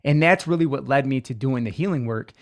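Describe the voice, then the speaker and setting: Earnest man telling a personal story. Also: medium pitch. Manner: earnest, emotional, slows down on heavy moments. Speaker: guest.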